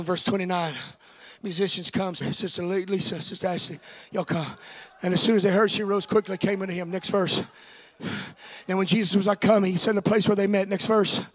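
Delivering a sermon in a high voice, this pastor shifts from whispered lines to loud, sing-song shouts, addressing members of the congregation directly.

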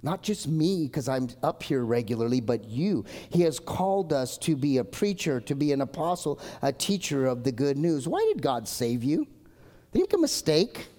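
A man preaching a live sermon in a church hall, earnest and emphatic, swinging between forceful lines and hushed ones. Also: medium pitch, big pitch swings, normal speed. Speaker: pastor. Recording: long hall reverb from a church.

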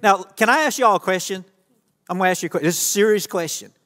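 His voice sits high and a little bright, and he talks fast. A pastor preaching interactively from a church stage, he jokes casually with volunteers and plays to the audience, with the church hall's long reverb behind him.

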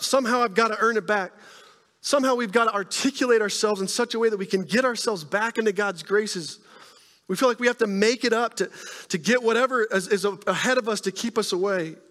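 A man preaching a sermon in a conversational way, often checking in with the congregation with quick questions. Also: sits high, fairly bright tone, in a large hall. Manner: conversational preaching, frequent "right?" tag questions. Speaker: pastor.

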